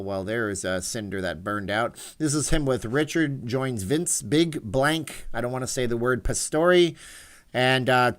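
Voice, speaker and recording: A man in his forties hosting a casual livestream. He rambles and reads viewer messages aloud. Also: mid-range voice. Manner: rambling, reads chat aloud, chatty asides. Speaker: livestream host.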